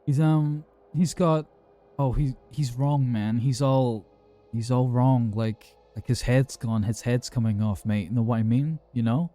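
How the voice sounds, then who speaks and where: A drunk, rattled young man, played by a male narrator, slurs and rambles with plenty of swearing. His voice is low-set, dark and mellow, and faint music sits behind this horror storybook reading. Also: measured pace, close to an everyday voice.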